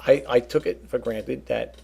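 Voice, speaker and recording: Gravelly, rambling male reseller vlogger. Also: medium pitch, unhurried. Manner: animated, rambling, addresses viewers as folks. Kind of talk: casual talk to camera.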